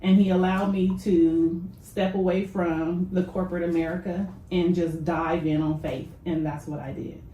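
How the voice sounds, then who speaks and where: Middle-aged woman guest, low mellow voice, earnest, echoey room. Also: level tone, moderate pace, hardly any pauses. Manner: earnest, laughs easily. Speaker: guest, chef and business owner. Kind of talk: casual interview.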